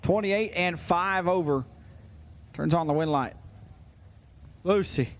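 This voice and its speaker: A man calls drag races at an outdoor track in a high voice, reeling off names and numbers with quick jokes. His calls carry over the loudspeaker with faint noise behind them. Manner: rapid-fire jokey announcing. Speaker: drag racing announcer. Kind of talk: live race commentary over PA. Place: outdoor racetrack.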